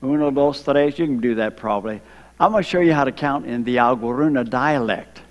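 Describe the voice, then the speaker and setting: An older man from Ohio, a retired missionary, telling his story to a church congregation, slowing down for emphasis and drawing in the children. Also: medium pitch, lo-fi sound. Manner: storytelling, slows for emphasis, engages kids. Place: church sanctuary. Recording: long hall reverb.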